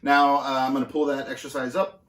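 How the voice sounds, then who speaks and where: A man teaching basic drum exercises in a casual, halting way, with plenty of filler words. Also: medium pitch, roomy sound. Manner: relaxed, halting with many fillers. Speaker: drum instructor. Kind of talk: casual instructional demonstration. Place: music school practice room.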